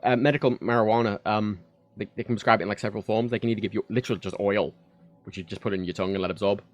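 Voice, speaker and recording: Racing along in a fairly low, rather even-toned voice, a British man chats candidly on a home livestream through a desk mic. He meanders with frequent fillers and restarts, and the recording is dry.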